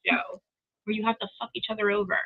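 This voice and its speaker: A woman's voice: medium pitch, level tone, quick pace. A woman recapping reality TV in a rambling, profane casual chat, acting out quotes from the show. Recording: tinny phone-like call audio.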